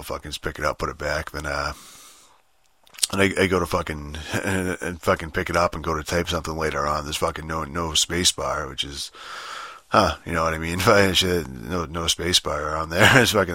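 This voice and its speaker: Very deep-voiced man, forceful rambling rant. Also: dry recording. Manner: profane, rambling, laughs often. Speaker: gaming vlogger. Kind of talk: casual rant.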